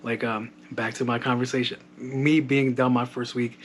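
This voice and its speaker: A man's voice: medium pitch, level tone, normal speed, a little hiss or hum. A young man hosting a podcast, telling casual stories with lots of swearing and laughing at his own jokes. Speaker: podcast host. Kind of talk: casual storytelling monologue.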